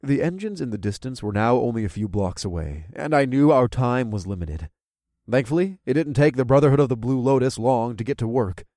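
Lively male audiobook narrator. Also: mid-range voice, a little fast, no echo, studio quality. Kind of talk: first-person scripted narration.

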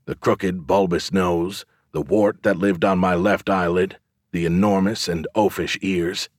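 A man narrates a first-person fantasy audiobook in a measured, wry manner. His voice is very low, and the recording is dry and close. He keeps an even storytelling pace. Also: dry recording.

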